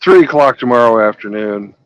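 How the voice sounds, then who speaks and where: A man's voice: mid-range voice, animated, a little fast, clear, resonant tone, poor audio. A man hosting a livestream from his parked truck, chatting in a laid-back way and swearing casually. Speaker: livestream host, truck driver. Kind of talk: casual chat.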